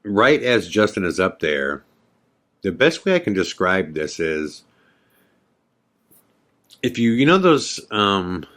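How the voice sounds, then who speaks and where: A man's voice: sits low, big pitch swings, slow, long pauses, a bit bright. A man hosting a podcast, telling a story in a casual, rambling way with many fillers. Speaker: podcast host.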